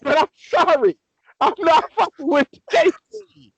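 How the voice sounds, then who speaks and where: A young man on a casual sports podcast, ranting excitably and swearing a lot. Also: extremely high pitch, a little slow, no echo, lo-fi sound. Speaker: podcast co-host.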